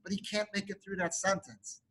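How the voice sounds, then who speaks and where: High, bright-voiced rabbi telling a story. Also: male voice, little pitch movement, a little fast, slight background noise, rough recording. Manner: emotive storytelling, sprinkled with Hebrew and Yiddish terms. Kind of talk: sermon storytelling.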